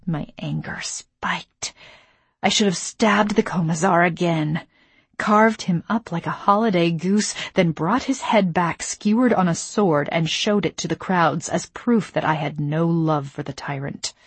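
A woman narrating a novel in the first person, measured and intimate, on a close studio mic. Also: fairly low pitch, husky, no echo. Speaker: audiobook narrator.

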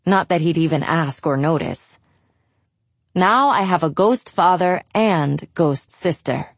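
A woman narrating a first-person story in a steady, frank manner with a wry edge. Her voice sits on the low side. The studio recording is dry and close, with no room sound. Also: slow pace, no room sound.

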